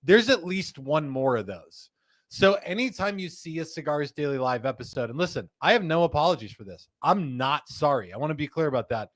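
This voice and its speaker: High-voiced, hyped-up male host. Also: animated, fairly quick, no room sound. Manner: hyped, jokey, big swings in loudness. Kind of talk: live show banter. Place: studio.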